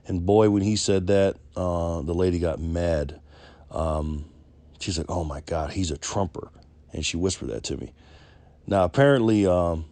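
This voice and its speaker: A man's voice: deep voice, darkish tone, no echo. A man vlogging, telling a story casually and loosely, with lots of ums and restarts. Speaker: political vlogger.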